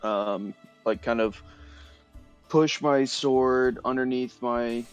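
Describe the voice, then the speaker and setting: A man's voice: mid-range voice, slow pace, clean tone, faint music behind. A man playing a tabletop game, describing his moves in a rambling way full of fillers. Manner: rambling, full of likes and ums. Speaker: player.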